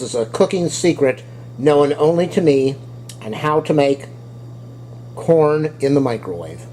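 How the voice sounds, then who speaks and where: A man's voice: on the high side, warm tone, a little hiss or hum. A man chatting to his viewers in a casual home cooking vlog, talking to his dog between bites. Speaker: cooking vlogger.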